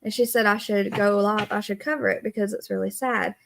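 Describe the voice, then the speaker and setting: A woman's voice: mid-range voice, fairly even intonation, a little fast, gravelly, a bit bright, slight background noise. A woman, hosting a casual live stream and earnestly greeting viewers by name. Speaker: livestream host.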